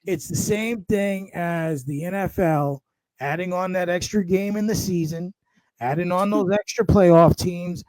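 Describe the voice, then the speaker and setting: Young male podcast co-host, high pitch, dry close mic, rambling casual sports talk. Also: measured pace, darkish tone, no room sound, poor audio. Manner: rambling, repeats words.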